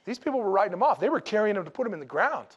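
A man preaching a sermon, telling the story in a humorous, animated way and acting out the dialogue casually. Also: high-pitched, rapid-fire, husky, dull audio. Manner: acts out dialogue in a casual, jokey way. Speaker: pastor.

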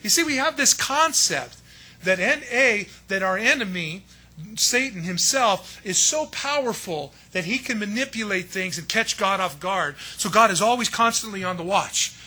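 A man's voice: high-pitched, animated, moderate pace, sharp tone, slightly rough. A man preaching a sermon as pastor, emphatic, full of rhetorical questions and exasperated asides.

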